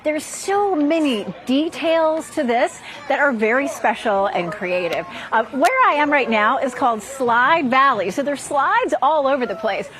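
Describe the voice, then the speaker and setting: A high-voiced woman gives a live report from an outdoor park. She talks in an upbeat, chatty way and sounds a little out of breath. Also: lively intonation, a little slow, few pauses. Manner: upbeat, chatty, laughing between lines.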